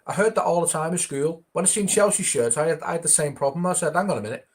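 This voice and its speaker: A man's voice: a little high, fast. A man in a casual football chat, emphatic and exasperated, hammering points through repetition. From northern England.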